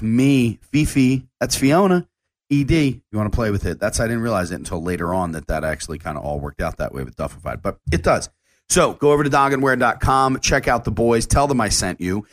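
A man's voice: medium pitch, a bit bright. A man and chef hosting his own radio show, talking casually and rambling with lots of fillers.

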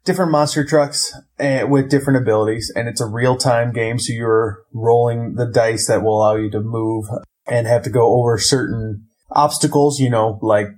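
A man from Ohio, co-hosting a casual board game podcast, explaining games in a relaxed, rambling way. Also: fairly low pitch. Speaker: podcast co-host.

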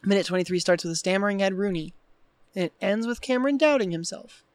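A woman co-hosting a casual movie podcast, talking through scenes and acting out the lines in animated voices. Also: mid-range voice, fast talker, dry recording. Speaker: podcast co-host.

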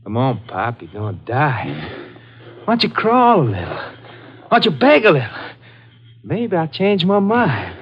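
A man's voice: on the high side, wildly swooping pitch, unhurried, pauses often, husky, heavily acted. A man playing a sadistic young cop killer who mocks his victim, in 1950s radio drama acting. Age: young adult. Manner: mocking, cackling taunts. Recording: muffled old radio broadcast with hiss.

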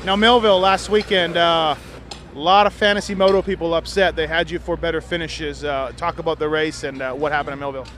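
A man's voice: a little high, steady tone, a little fast, fairly bright tone, slight background noise. Chatty male interviewer at the track. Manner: chatty, easygoing. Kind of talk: casual post-race interview. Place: outdoors at a motocross track.

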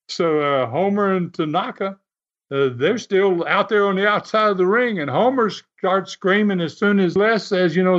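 A man's voice: sits high, moderate pace. A man, a former wrestler, telling a story in a folksy, laughing way with many fillers. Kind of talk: casual storytelling. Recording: slightly muffled recording.

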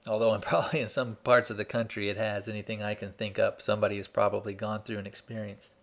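A man giving an instructional talk, explaining his points in a measured way and telling an example story step by step. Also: on the low side, level tone. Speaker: speaker teaching persuasion.

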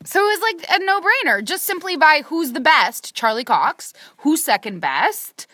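A woman's voice: sits high, sing-song, moderate pace, pushed and bright, no echo, studio quality. A woman co-hosting a podcast, teasing and arguing her opinions in casual chat. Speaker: podcast co-host.

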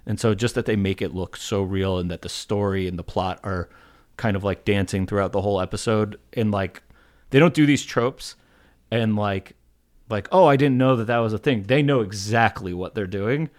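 A man's voice: fairly low pitch, normal speed. A man talking as a guest on a podcast, rambling, with many restarts and fillers. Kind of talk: casual podcast chat.

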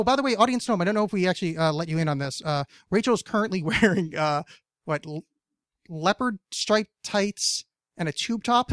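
A man's voice: sits high, fairly bright tone, no echo, clean studio sound. A man hosting a casual podcast chat, rambling with many fillers, jokes and swearing. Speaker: podcast host.

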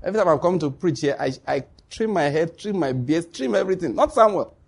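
Husky animated preacher, laughing often. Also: male voice, a little high, quick pace. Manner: animated storytelling, laughs often, acts out dialogue. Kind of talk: sermon.

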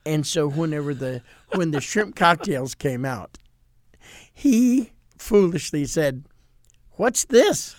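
Give me an animated male pastor storyteller with a slightly high voice. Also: takes it slowly, no echo, studio quality. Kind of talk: storytelling chat.

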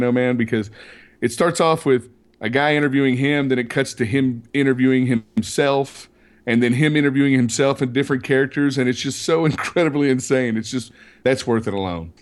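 A man co-hosting a podcast, chatting casually and excitedly about a film and laughing often. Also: medium pitch. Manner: excited, laughs often, explains plot at length. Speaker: podcast co-host. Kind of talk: casual movie review chat.

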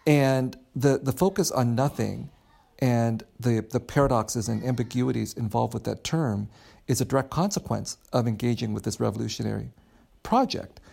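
A man's voice: medium pitch, vocal fry, a little mellow, slightly rough. A man answering interview questions about his book in a thoughtful, rambling way, often repeating words as he thinks. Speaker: author, interview guest.

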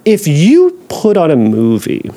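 A man talks through a listener's question on his podcast, relaxed and chatty. His voice moves a lot in pitch and he slips into mock-anxious voices to act out worried thoughts. He drops playful side comments along the way. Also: slow pace. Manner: animated, acts out anxious inner voices, jokey asides. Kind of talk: casual advice talk.

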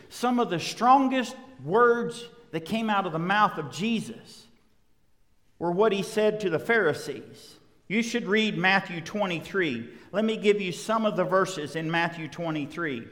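A man's voice: sits high, a bit bright, long reverb tail. A man preaching a sermon, emphatic, with rhetorical questions and repeated phrases. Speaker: pastor.

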